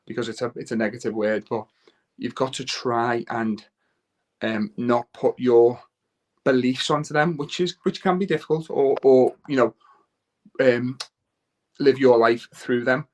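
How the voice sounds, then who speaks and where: A man speaking as a guest father on a talk show, earnest and rambling, with many restarts and self-corrections. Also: medium pitch. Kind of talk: casual talk-show chat.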